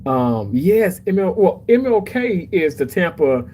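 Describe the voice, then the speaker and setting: A man's voice: high-pitched, very animated, measured pace, mellow, slightly rough, rough recording. A man hosting a casual livestream, chatty and emotional as he reads comments aloud. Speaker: livestream host reading chat.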